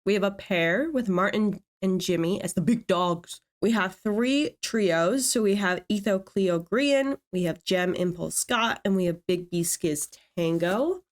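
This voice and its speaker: A young woman with a voice of ordinary middle pitch. She talks to her viewers casually and chattily, thinking out loud as she goes. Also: measured pace, hardly any pauses. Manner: chatty, thinking aloud, self-talk. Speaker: video creator. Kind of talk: casual chat.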